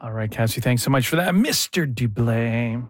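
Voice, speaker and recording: A man hosting a radio show, moving between music notes and relaxed, playful banter with his co-hosts. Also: medium pitch, fast talker, no room sound. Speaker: radio host. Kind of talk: casual radio chat.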